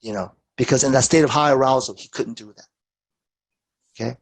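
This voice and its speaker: A man teaching a therapy workshop, telling lively anecdotes and acting out what people said. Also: a little fast. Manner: animated storytelling, acts out quoted lines with big pitch jumps. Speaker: therapist and lecturer.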